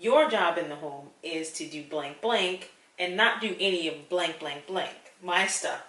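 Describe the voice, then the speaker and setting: A woman in casual conversation with a bright, forceful voice that is animated and chatty, with frequent laughter. She sits a little back from the mic in an echoey room. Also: on the low side, measured pace, distant mic. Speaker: co-host.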